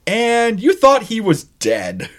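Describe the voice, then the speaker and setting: A man's voice: high voice, wildly swooping pitch, slow. A man running a tabletop game as game master, narrating in a playful, descriptive way.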